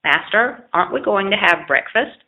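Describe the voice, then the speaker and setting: A woman's voice: mid-range voice, animated, normal speed, lightly acted. A woman voicing a loyal, blunt male dog in a children's storybook, with yelping barks and bossy warnings. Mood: urgent. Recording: lo-fi phone-like audio.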